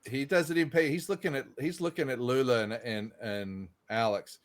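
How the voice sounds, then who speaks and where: A man's voice: medium pitch, steady tone, normal speed. A man, running a tabletop game in loose, rambling narration. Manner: loose, rambling, full of fillers and restarts. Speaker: game master.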